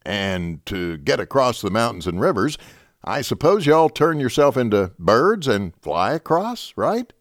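A man's voice: medium pitch, sing-song, a little slow, no echo, clean studio sound. A man voicing a stern middle-aged army captain, clipped and sarcastic.

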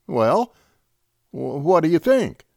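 A man's voice: fairly high pitch, big pitch swings, slow, vocal fry, a little mellow, no room sound, studio quality, voice pushed up, heavily acted. A man voicing an eager young army lieutenant, earnest and stammering over his plan.

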